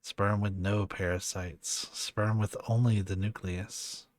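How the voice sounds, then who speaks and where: Man reading a calm researcher, measured, explanatory, low voice, slow. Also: dry recording, studio quality. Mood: explaining.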